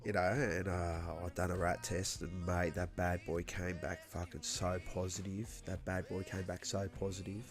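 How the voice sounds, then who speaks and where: Bloke, lowish voice, easygoing and sweary, coughing, faint music under him. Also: male voice, little pitch movement, normal speed, few pauses. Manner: laid-back, swears a lot, matey. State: coughing after illness. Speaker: livestream host. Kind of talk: casual chat.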